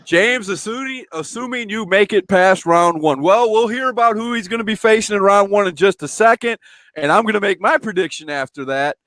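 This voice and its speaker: Man, show host, chatty, high voice, dry close sound. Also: brisk, fairly bright tone, no room sound. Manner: chatty, reads out viewer comments, laughs often. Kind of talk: casual live-stream chat. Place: at home.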